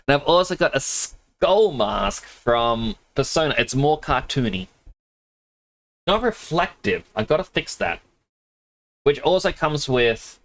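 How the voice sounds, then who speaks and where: A man's voice: medium pitch, a bit bright, rough recording. A young man with a mixed Australian accent chatting casually on a game live stream, rambling and laughing often. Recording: game music playing underneath. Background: game music.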